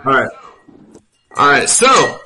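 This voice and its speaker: A man's voice: mid-range voice, big pitch swings, slow pace, bright, forceful tone, slight background noise. A man from Alabama with a Southern accent, casually walking friends through a drink recipe with crude jokes. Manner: laid-back, instructing step by step with crude jokes. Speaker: guest showing a drink recipe. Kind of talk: casual podcast chat.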